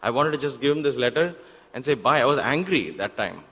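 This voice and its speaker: A man, telling a personal story in a talk at a devotional center and acting out the exchanges in sudden loud bursts. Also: medium pitch, animated, fairly quick. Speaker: guest speaker at a spiritual center. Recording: long hall reverb.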